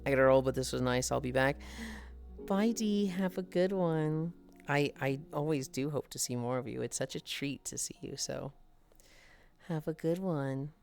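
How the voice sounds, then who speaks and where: A woman's voice: rumbling low, normal speed, vocal fry, darkish tone, faint music behind. A woman streamer chatting casually with viewers, swearing freely and laughing often.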